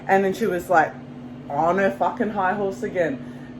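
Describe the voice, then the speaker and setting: A woman with a New Zealand accent, telling a story to camera in a casual, animated and profane way, acting out quotes. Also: mid-range voice, moderate pace, slight background noise, low-quality recording. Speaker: vlogger.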